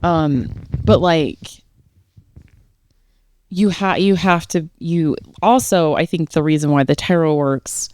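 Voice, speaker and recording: A woman's voice: low voice, slow pace, pauses often, darkish tone, dry recording. A woman talking casually in a podcast conversation, blunt and emphatic, coaching with freely dropped swear words. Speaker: guest, tarot reader.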